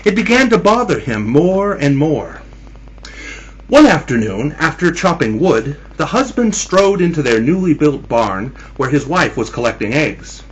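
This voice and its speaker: Slow, theatrical male storyteller, husky. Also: on the high side, sing-song, highs cut off. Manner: teasing, theatrical, addresses listeners as kiddies. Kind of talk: spooky Halloween storytelling.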